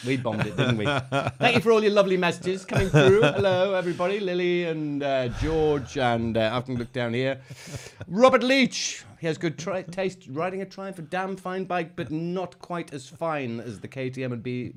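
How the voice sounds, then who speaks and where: A middle-aged man, talking in a lively voice that swings widely up and down. He co-hosts a casual live chat show, teasing his partner and laughing often. His pitch sits a little high for a man. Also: moderate pace. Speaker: co-host.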